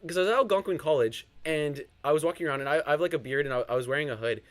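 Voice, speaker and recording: A young man talks quickly and a touch high, jumping from joke to joke in a loose podcast chat with friends. His sentences wander and stack up filler words. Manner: rambling, joking, many "like" fillers. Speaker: podcast co-host. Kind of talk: casual chat.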